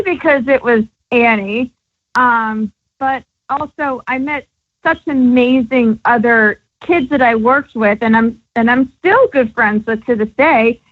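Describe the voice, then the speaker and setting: A woman's voice: fairly high pitch, phone-quality sound. A woman from the American South, a guest on an interview show, talking in an easygoing, conversational way. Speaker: guest performer.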